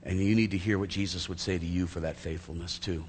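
A pastor with a deep, steady voice speaks fast during his sermon, telling a story vividly and acting out its scenes. The church sanctuary recording is echoey, with a faint hum.

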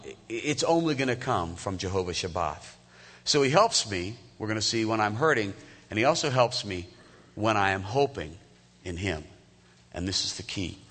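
Man in his fifties, pastor, conversational sermon, crisp bright voice, long hall reverb. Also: on the low side. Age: 50s. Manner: conversational, asks the congregation direct questions. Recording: echoey hall.

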